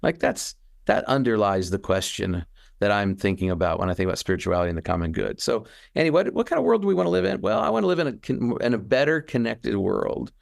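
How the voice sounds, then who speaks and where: A man's voice: lowish voice, fast, creaky. A man co-hosting a podcast, talking in a casual, reflective, earnest way, with frequent restarts. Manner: earnest, animated, with restarts and acted-out quotes. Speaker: podcast co-host.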